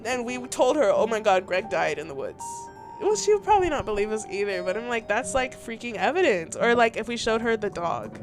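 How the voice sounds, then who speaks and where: A young woman, a little under the weather, giggling and chatting through a story game and reading choices aloud. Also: high voice. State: a little sick. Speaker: game streamer. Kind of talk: casual gameplay commentary.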